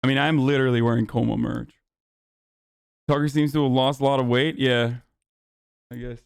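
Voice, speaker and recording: A man's voice: mid-range voice, steady tone, moderate pace, gravelly, smooth, no echo. A man reacting to clips on a live stream, with brash, profane, joking commentary.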